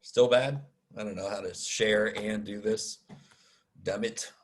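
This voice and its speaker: A man's voice: lowish voice, steady tone, a little slow. A man teaching a statistics class over a video call, informal and self-deprecating, muttering asides and mild curses. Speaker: math instructor. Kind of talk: casual online lecture. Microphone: video call mic.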